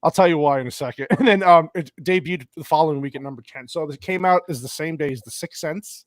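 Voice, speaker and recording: A man hosting a casual movie podcast, excitable, swearing a lot and laughing often. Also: fairly high pitch, fast talker, dry recording. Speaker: podcast host.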